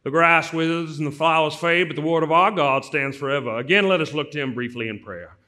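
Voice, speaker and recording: A man voicing a solemn Southern preacher with a Southern drawl, slow and stately. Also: fairly high pitch, bright, forceful tone.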